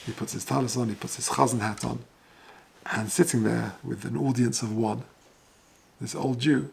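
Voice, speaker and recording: A man's voice: mid-range voice, fairly even intonation, normal speed, gravelly, husky. A man, a rabbi, telling a moving story as a sermon in an earnest way. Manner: earnest, builds intensity at emotional moments.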